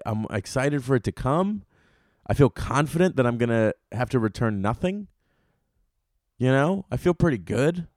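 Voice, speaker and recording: A young adult man hosting a comedy podcast and rambling through a profane solo rant. His pitch leaps and dips as he gets carried away. The sound is dry and close, with no room around it. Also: no echo. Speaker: podcast host.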